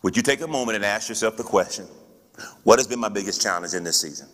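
A man's voice: on the low side, lively intonation, fast, fairly bright tone, big-room sound. A man teaching as a pastor in church, preaching with rhetorical questions and call-and-response.

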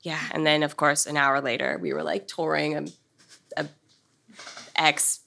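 A woman with a low voice chats as a guest on a live podcast. Her tone is gravelly with a bright, forceful edge. She tells stories casually, acting out little bits of dialogue and filling her talk with "like". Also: flat delivery, a little slow, slight background noise. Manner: chatty storyteller, acts out dialogue with many "like"s. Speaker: guest, hotel entrepreneur. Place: live event venue with audience.

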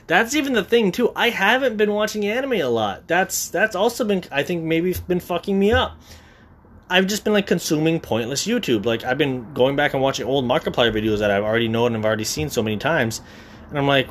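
A man's voice: mid-range voice, lively intonation, fairly quick, fairly bright tone. Young man, vlogger, casual talk to viewers, rambling, swearing, stammering. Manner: rambling, profane, stammers and restarts often.

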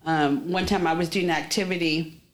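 A woman who volunteers on retreats, telling stories in an animated, casual way. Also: on the low side, normal speed. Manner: animated, lively retelling. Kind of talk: casual storytelling. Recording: echoey room.

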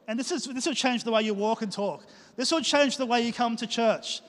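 A male pastor, preaching a lively sermon and joking as he acts out little scenes for the congregation. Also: very high voice, fairly quick. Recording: reverberant church hall.

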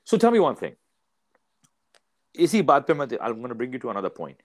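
A man's voice: medium pitch, wildly swooping pitch, a little fast. Man ranting, heated and profane. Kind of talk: casual chat. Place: Ontario, Canada.

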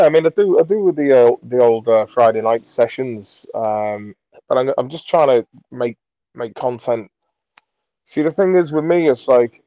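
A man's voice: mid-range voice, warm tone, no echo, highs cut off. A man in his forties from Merseyside, a comedian chatting as a podcast guest, crude and self-mocking, with lots of restarts. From Merseyside, England. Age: 40s. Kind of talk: casual chat.

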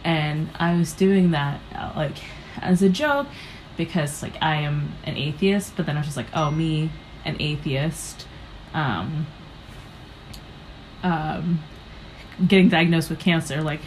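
Over a faint hiss and poor audio, a young American woman speaks in a notably low, slightly mellow voice, with a steady tone and a somewhat slow pace. She's a comedian guest telling stories in a casual interview, rambling and using many fillers while performing her own reactions.

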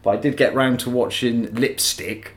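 A man's voice: medium pitch, steady tone, normal speed, reverberant. Bantering man co-hosting. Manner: banter, self-mocking, teasing. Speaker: podcast co-host. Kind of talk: casual chat.

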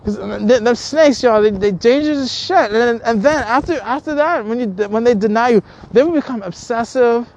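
A woman's voice: fairly high pitch, a little fast, a little mellow, muffled recording, a little hiss or hum. A woman vlogger delivering a heated, profane rant to her viewers, repeating herself, stumbling over restarts and swearing constantly. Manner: angry, repetitive, stammering restarts, swears constantly.

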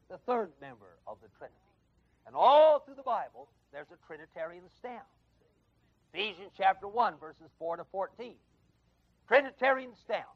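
A man's voice: high voice, creaky, no room sound. A man teaching a Bible college class, speaking emphatically and quizzing his students with questions. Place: adult education classroom. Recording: dull lo-fi 1979 tape recording.

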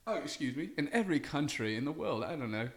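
A man's voice: on the high side, sing-song, fast talker. A man voicing a lazy, boastful Englishman in his thirties with a put-on English accent, swearing and tacking "mate" onto his lines in an improvised comedy bit. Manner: swears a lot, tags every line with "mate".

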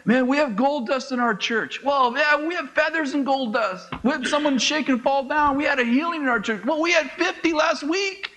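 A middle-aged pastor with a strikingly high voice delivers a sermon. He preaches in an animated, conversational way, acting out little exchanges and laughing at his own asides. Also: normal speed, few pauses, poor audio.

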